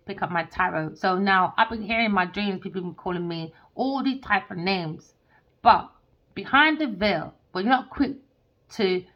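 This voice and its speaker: A woman's voice: medium pitch, muffled recording. A woman, a tarot reader delivering a heated, sweary rant as an angry monologue.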